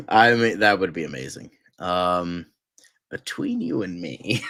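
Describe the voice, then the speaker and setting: Low-voiced guy rambling and gushing, tired late-night chat, dry close sound. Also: animated, slow pace, a bit bright, no room sound. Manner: gushing, rambling with many fillers. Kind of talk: casual chat.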